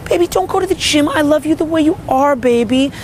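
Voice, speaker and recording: A man's voice: very high voice, a little fast, a little hiss or hum, voice pushed up. A man putting on the voice of a clingy wife, cooing in a sing-song tone.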